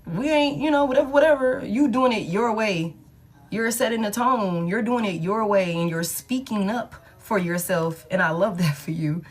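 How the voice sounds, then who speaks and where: A woman's voice: medium pitch, a little slow, slightly rough, faint music behind. A woman giving a casual collective tarot reading, blunt and slangy, swearing freely and hyping the listener up. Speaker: tarot reader.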